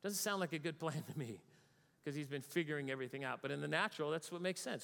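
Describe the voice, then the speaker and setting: A man's voice: a little high, lively intonation, quick pace, vocal fry, fairly bright tone. A man preaching a sermon as pastor, conversational with joking asides. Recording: long hall reverb.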